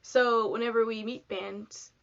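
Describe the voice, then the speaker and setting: A young woman tells a casual storytime for her vlog, chatty and animated, filling her sentences with "like" and acting out the voices of the people involved. Her voice sits a little high. The recording sounds dull and lo-fi. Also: a little slow, vocal fry. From Texas. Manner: chatty, animated, lots of "like", acts out quotes. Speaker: vlogger.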